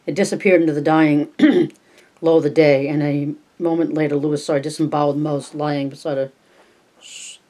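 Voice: mid-range voice, fairly even intonation, normal speed, dark tone. An amateur reader narrating a novel at home, unpolished, with slips and restarts. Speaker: audiobook reader. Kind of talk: casual audiobook reading.

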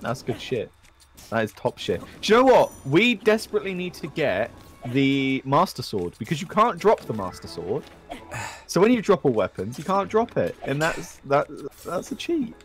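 A man's voice: on the high side, big pitch swings, moderate pace, soft background music. A British man streaming a game, trading sweary, mock-grumpy banter with a friend. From Britain. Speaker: gaming streamer. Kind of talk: casual banter while playing.

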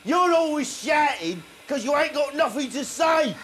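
A man voicing a foul-mouthed male baboon puppet who shouts crude insults in streetwise slang. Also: very high voice, expressive, a little slow, a little hiss or hum, full character voice. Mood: abusive.

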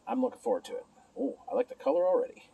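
Lively, husky-voiced man reviewing beer. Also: high-pitched, very fast, phone-quality sound. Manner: chatty, rambling, talks to himself. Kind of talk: casual beer review vlog. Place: alone at home.

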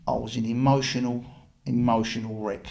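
A man, a podcast guest telling his recovery story bluntly, with lots of restarts and animated retellings. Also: mid-range voice, normal speed, creaky.

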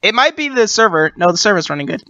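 A channel host giving casual gameplay commentary, excitable and laughing often, with jokey trash talk. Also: medium pitch, fast talker, dull audio.

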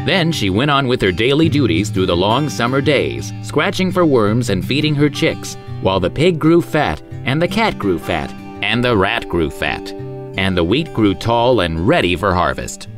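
A male storyteller reads a children's tale with a hugely lively, sing-song rise and fall. His voice sits at a medium pitch, with soft music playing behind him. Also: normal speed. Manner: expressive, sing-song reading. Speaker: storyteller host.

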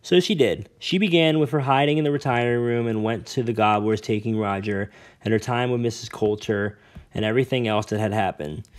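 A man's voice: on the low side, steady tone, a little fast. A man narrating a novel aloud in a plain reading style, with some stumbles over words. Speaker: audiobook reader. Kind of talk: amateur audiobook narration.

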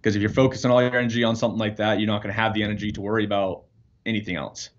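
A man's voice: on the low side, little pitch movement, racing. A man, an air force firefighter, talking earnestly as a guest over a video call, with fillers. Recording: dull lo-fi video call audio.

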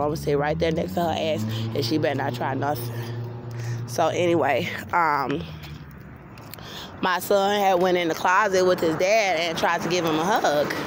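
A woman with a low voice gives blunt, outspoken personal testimony in a casual spoken style as she walks along an outdoor trail. She's recorded on a handheld phone, and the background is noisy with passing vehicles and outdoor ambience.

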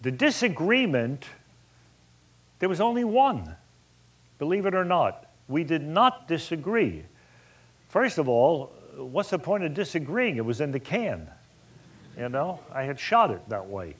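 Male director, raconteur type, slightly high and very expressive delivery. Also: a little slow, long pauses, slightly rough. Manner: animated, colorful storyteller who acts out dialogue. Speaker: film director. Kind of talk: anecdotal storytelling to an audience.

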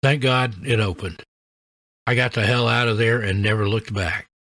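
A man's voice: lowish voice, fairly even intonation, moderate pace, fairly bright tone, no room sound. A man reading out the first-person account of a shaken man who spent a night in a haunted ghost town, in a shaky storytelling voice.

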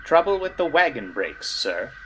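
A man's voice: medium pitch, very animated, normal speed, bright, forceful tone, slight background noise, pitched above the performer's own voice. A man voicing a polite, cheerful little male tram engine with a mild manner.

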